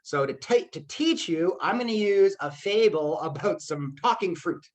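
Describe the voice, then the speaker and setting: A male teacher leading a live class over a video call. He talks in a loose, chatty way and keeps checking in with his students with a quick "okay?". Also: sits high, animated. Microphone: computer mic on a video call.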